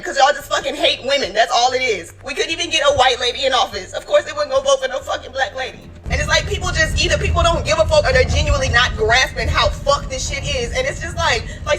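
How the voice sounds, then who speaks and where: A young woman ranting to camera from her room, heated and profane, venting rapidly. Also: high-pitched, fairly bright tone, a little hiss or hum. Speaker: social media poster. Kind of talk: emotional rant to camera.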